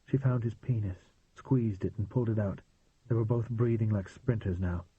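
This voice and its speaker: A man narrating an audiobook in a steady, measured reading voice. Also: on the low side, slightly rough, no room sound. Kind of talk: scripted narration. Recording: tinny phone-like dry sound.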